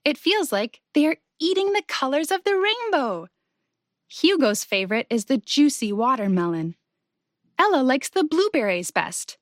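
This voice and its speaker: A woman reading a children's story aloud in a gentle, sing-song way, speaking to young listeners. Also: sits high, big pitch swings, normal speed, no echo, clean studio sound.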